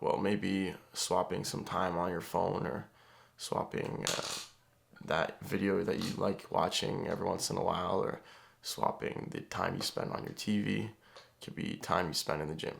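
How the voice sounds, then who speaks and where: A man's voice: deep voice, gravelly. A young man talking casually to the camera in a rambling vlog, with lots of fillers. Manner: relaxed, rambling, frequent fillers.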